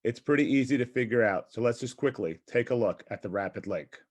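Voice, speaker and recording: A man's voice: medium pitch, a little fast. A man presenting a physical education workshop, upbeat and encouraging as he explains a team-building game.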